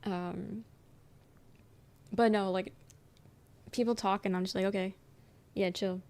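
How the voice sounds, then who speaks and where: A woman's voice: medium pitch, steady tone, takes it slowly, darkish tone. A young adult woman streaming and chatting casually with her viewers, reading their messages aloud and rambling with lots of "um" and "like" and casual swearing. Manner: rambling, filler-heavy, swears casually, frequent "um".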